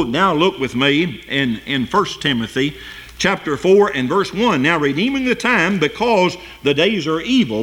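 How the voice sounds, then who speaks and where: A man preaching a sermon as pastor, building to loud emphatic peaks and then dropping to quiet asides. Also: a little high.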